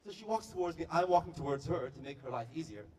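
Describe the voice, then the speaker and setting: A man performing stand-up comedy at a staff party, telling stories with quick, playful delivery and deadpan punchlines. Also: fairly high pitch, distant mic. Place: party venue before a live audience.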